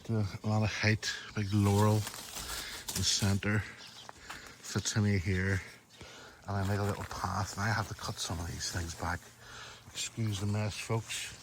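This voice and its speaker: A Northern Irish man with a lowish voice gives a chatty garden tour, calling his viewers "folks" as he goes. He talks straight into a handheld phone outdoors, with faint noise in the background. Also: level tone, unhurried. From Northern Ireland. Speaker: garden vlogger. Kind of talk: casual walk-through garden tour. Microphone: phone camera held while walking.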